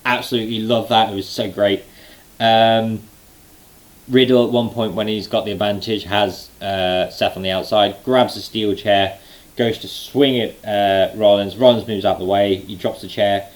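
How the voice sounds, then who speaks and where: Chatty guy, low voice. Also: normal speed, poor audio. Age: late 20s. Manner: excited, rambling with many fillers. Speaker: wrestling fan vlogger. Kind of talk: casual event recap.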